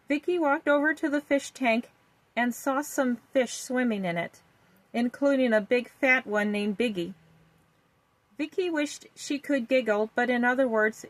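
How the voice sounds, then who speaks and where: A woman reading a children's story aloud in a gentle, even storytelling manner. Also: on the high side, no echo, low-quality recording.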